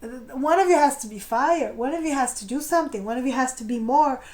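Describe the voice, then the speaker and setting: Chatty tarot-reading woman, slightly high voice. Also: fairly quick. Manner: chatty, animated, acts out quoted feelings; often laughs and trails off mid-sentence. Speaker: tarot reader. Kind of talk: intuitive tarot reading to camera.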